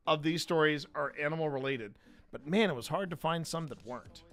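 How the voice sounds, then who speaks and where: Playful, bright-voiced male host. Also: on the high side, a little fast, faint music behind. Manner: rambling, playful, talks to his cats and to the chat. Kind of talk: casual live-stream chat.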